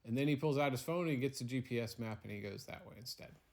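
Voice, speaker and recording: A man's voice: mid-range voice, fast talker, a little mellow. A man spinning a playful, rambling bedtime story at home. He narrates in an easy, teasing way, making it up as he goes. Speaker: parent telling a bedtime story.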